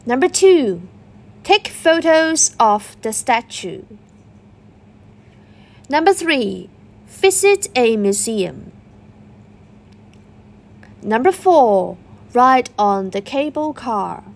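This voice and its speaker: A woman reading a school dictation exercise aloud, slowly and deliberately, saying each punctuation mark out loud. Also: on the high side, sing-song, gravelly. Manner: reads punctuation aloud, words spaced and deliberate. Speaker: dictation reader.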